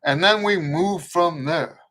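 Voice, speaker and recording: A middle-aged man with a somewhat high voice and a mixed American accent rooted in Western Pennsylvania. He hosts a casual live trumpet Q&A in a rambling way, often breaking off and rewording his sentences. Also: takes it slowly, a bit bright. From eastern United States. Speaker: trumpet teacher and show host.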